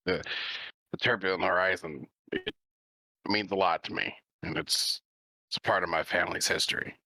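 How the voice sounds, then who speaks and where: A man playing a character in a tabletop game, halting and stammering. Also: low-pitched, sharp tone, no echo, poor audio. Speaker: player.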